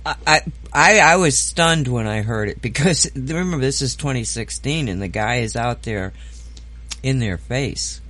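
A man's voice: mid-range voice, lively intonation, a little slow, pushed and bright. A man hosting a casual video-call chat, chatty, laughing easily and stammering a little. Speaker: host.

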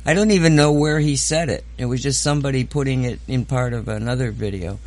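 A man's voice: medium pitch, quick pace. A man with a mid-range voice hosts a casual chat over a video call. He talks chattily, laughs easily and stumbles over his words now and then. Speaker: host.

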